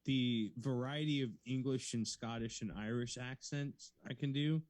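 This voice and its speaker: A man's voice: medium pitch, steady tone, moderate pace, darkish tone, dry recording. A man co-hosting a comedy podcast, talking in casual chat, rambling and laid-back with many fillers. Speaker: podcast co-host.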